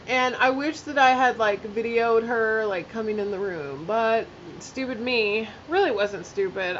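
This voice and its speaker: Chatty woman vlogger, slightly high voice. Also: sharp tone, muffled recording, a little hiss or hum. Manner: chatty, filler-heavy, candid and blunt with swearing. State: emotional, near tears. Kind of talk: casual storytime while doing makeup.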